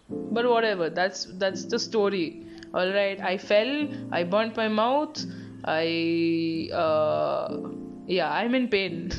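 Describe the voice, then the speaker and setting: A woman's voice: fairly low pitch, highs cut off. A young woman from Bangalore with an Indian English accent, hosting a casual solo podcast and telling stories with frequent laughs and swearing. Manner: laughing often, swearing, chatty storytelling. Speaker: podcast host.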